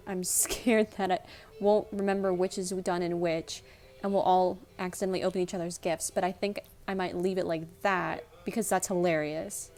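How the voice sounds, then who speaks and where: A woman in her twenties chatting casually in a vlog, talking fast and rambling a little, as she does when nervous. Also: mid-range voice. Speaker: vlogger. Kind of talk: casual chat.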